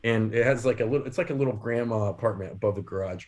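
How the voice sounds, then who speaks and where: A man co-hosting a podcast, telling funny stories in an animated way, laughing often. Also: fairly low pitch, fast. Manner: animated, laughing, lots of fillers. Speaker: podcast co-host. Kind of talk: casual storytelling.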